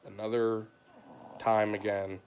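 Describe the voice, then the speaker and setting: A man's voice: on the low side, flat delivery, slow pace, clean tone, highs cut off. A father venting in a rambling, frustrated late-night livestream monologue from home, full of "you know" and "like", recorded on a phone. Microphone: phone camera.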